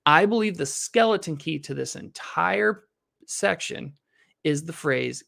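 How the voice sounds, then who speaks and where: A man's voice: on the high side, creaky. A man reading a Bible passage aloud and then teaching on it, asking his class questions as he explains. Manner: reads scripture slowly, then explains in a lively, questioning way.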